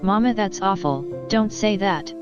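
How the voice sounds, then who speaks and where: A woman's voice: mid-range voice, unhurried, natural voice. A woman reading a shy, hopeful teenage girl with hidden powers, earnest and pleading, in a dull lo-fi recording with faint music behind. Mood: hurt, firm.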